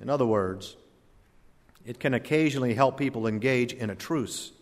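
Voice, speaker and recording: A man preaching a sermon, swinging from loud emphasis to hushed asides and telling folksy stories. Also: mid-range voice, moderate pace. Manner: tells folksy stories with voiced characters. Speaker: pastor. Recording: long hall reverb.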